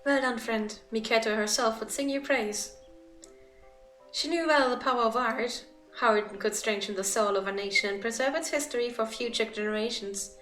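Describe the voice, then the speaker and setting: A woman voicing a gracious townsperson who gives thanks in a measured tone while reading game dialogue aloud. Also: fairly high pitch, fairly bright tone, roomy sound, far from the mic, faint music behind, close to an everyday voice.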